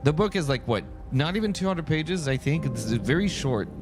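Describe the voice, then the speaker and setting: A man's voice: fairly high pitch, expressive, moderate pace, over music. Rambling male game streamer. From France. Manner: rambling, self-interrupting storyteller. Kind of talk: casual chat while playing.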